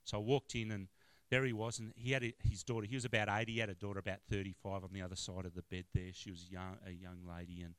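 Australian man, middle-aged, chaplain preaching, lively storyteller, deepish voice, close dry sound. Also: fast talker, clear, resonant tone, dry recording. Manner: animated, acts out quotes, rising to high-pitched excitement. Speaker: football club chaplain, preacher. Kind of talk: sermon storytelling.

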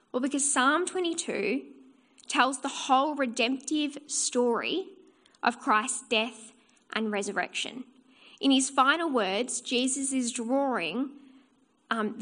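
A woman's voice: on the high side, bright, forceful tone. A woman preaching a sermon in church, earnest and explanatory, asking rhetorical questions and answering them herself.

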